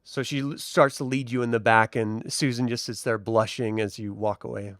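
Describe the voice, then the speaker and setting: A man's voice: mid-range voice, fairly even intonation, moderate pace, a bit bright, dry recording. Man narrating a tabletop game, dry sound. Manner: casual, rambling with fillers. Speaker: storyteller.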